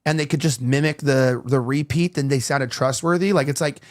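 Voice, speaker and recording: A man's voice: medium pitch, steady tone, moderate pace. A man hosting a casual talk show, rambling with lots of restarts and the odd swear. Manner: rambling, heavy on "like" and restarts, profane. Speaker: podcast host.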